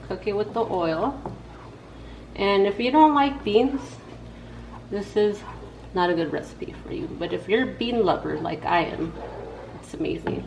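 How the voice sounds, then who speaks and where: Chatty woman in an echoey kitchen. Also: mid-range voice. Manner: chatty, slangy, talks straight to viewers. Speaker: home cook host. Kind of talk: casual cooking vlog. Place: home kitchen at the stove. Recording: echoey room with background noise.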